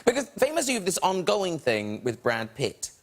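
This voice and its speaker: A middle-aged man hosting a talk show, asking questions and introducing guests with brisk exuberance. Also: high-pitched, huge pitch swings, vocal fry, very noisy. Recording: studio with audience and band.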